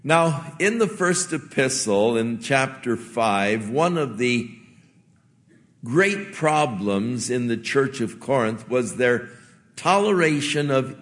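A man preaching a sermon as a pastor, in a gentle, conversational way with earnest pauses. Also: medium pitch, long reverb tail.

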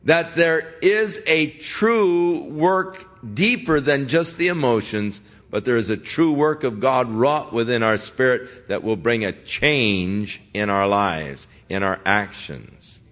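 A man's voice: mid-range voice, lively intonation, takes it slowly, few pauses, fairly bright tone. A middle-aged man preaching a sermon in a conversational way, reading scripture and acting out the voices of the people he quotes. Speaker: pastor.

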